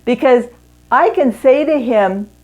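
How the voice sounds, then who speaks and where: Slow, earnest woman teaching a marriage class. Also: sits high, darkish tone, lo-fi sound. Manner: earnest, instructive, with pauses. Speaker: marriage seminar speaker. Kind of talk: teaching talk to women.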